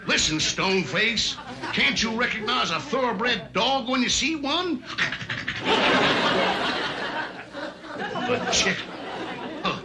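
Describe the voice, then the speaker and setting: A man's voice: very high-pitched, expressive, measured pace, over a noisy crowd. An actor voicing a pompous, blustering cartoon rooster who boasts and stammers, repeating "I say" as he talks. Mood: indignant. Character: blustering loudmouthed rooster, middle-aged, pompous. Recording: TV broadcast with loud audience laughter. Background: studio audience laughing.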